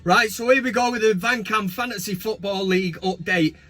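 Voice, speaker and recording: A man's voice: high-pitched, fairly quick, sharp tone, faint music behind. A man hosting a football fan show, chatting casually with cheeky, swearing banter. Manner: cheeky, profane banter with asides. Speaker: fan channel host.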